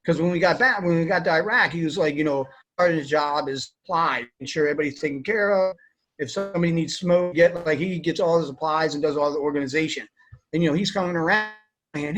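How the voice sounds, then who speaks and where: A man's voice: on the high side, fairly quick, a bit bright. A young man, an army veteran, answering interview questions in a rambling, casual way with many fillers.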